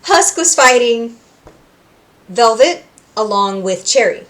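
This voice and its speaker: A woman's voice: a little high, slow. Chatty woman recapping a cartoon. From Puerto Rico. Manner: animated, acting out quotes in voices, self-correcting. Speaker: reaction video host. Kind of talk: casual recap of a cartoon episode.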